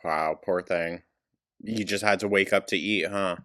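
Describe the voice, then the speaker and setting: Deep-voiced man with mocking commentary. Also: steady tone, measured pace, a bit bright. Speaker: reaction commentator. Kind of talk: sarcastic reaction commentary.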